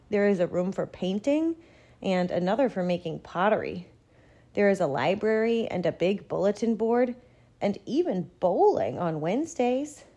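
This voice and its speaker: Woman storybook reader, mellow and gentle, even pacing. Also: mid-range voice. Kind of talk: picture-book read-aloud.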